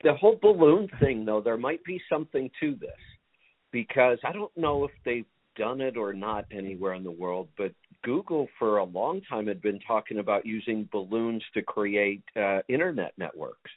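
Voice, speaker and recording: A man's voice: on the low side, normal speed, breathy edge. A man hosting a casual call-in radio show over his phone, joking and chatty. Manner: joking, chatty, laughs easily. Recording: phone-line audio.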